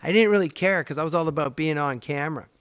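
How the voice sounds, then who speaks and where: A middle-aged man from Canada, a voice actor hosting his show, telling stories in an animated, rambling, chatty way. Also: on the high side, quick pace, clean tone, no room sound, clean studio sound. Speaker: podcast host and voice actor. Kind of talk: casual storytelling chat.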